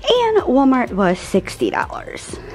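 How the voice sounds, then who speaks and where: A woman's voice: high voice, wildly swooping pitch, slow pace, faint music behind. A woman in her forties chatting through a grocery haul in an upbeat, rambling way. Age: 40s. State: out of breath. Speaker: vlogger.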